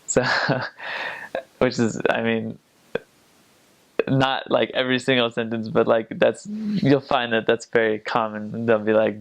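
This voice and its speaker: A man's voice: mid-range voice, slow, long pauses, a bit bright. Chatty American man, laughing often. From United States. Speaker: vlogger. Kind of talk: casual explanatory vlog.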